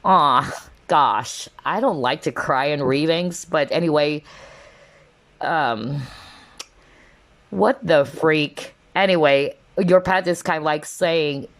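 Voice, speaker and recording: Speaking slowly in a deep voice, a woman offers a casual tarot reading to her audience. She comes across as sincere and emotional, visibly touched, and peppers her speech with "kind of, like" and "you know."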